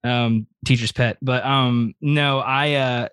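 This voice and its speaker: A man's voice: mid-range voice, fairly even intonation, takes it slowly, fairly bright tone, clear, resonant tone, no room sound. Hesitant man in dry casual chat. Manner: hesitant, lots of fillers and restarts. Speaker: podcast co-host.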